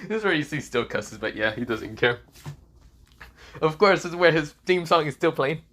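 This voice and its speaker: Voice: mid-range voice, lively intonation, moderate pace, fairly bright tone. A fan-fiction narrator casually retelling a story, rambling with many fillers and self-corrections.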